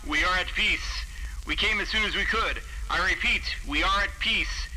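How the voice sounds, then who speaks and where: A man voicing a formal male official who announces peace over a loudspeaker in an audio drama. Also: sits high, moderate pace, a little hiss or hum, pitched above the performer's own voice, poor audio. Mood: commanding. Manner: formal, commanding. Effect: loudspeaker broadcast.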